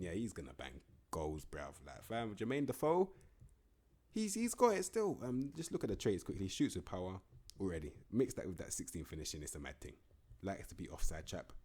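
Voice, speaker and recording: A young man giving casual, slangy, rambling commentary on a video game. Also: sits low. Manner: slangy, rambling, animated banter. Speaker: gaming YouTuber.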